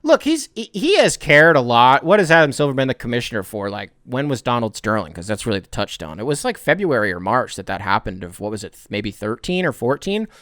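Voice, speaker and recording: A man's voice: mid-range voice, very animated, fairly quick, few pauses, fairly bright tone, dry recording, clean studio sound. A man hosting a sports podcast, ranting in a heated, rambling way, swearing and often restarting his sentences. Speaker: podcast host. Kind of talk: casual sports podcast rant.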